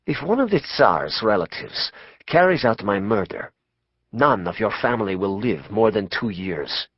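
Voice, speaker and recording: A man narrating an audiobook voices a grave male mystic prophesying doom, slow and hushed. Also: on the low side, sing-song, breathy edge, no echo, lo-fi sound. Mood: foreboding. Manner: slow, hushed, ominous delivery. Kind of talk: audiobook character voice.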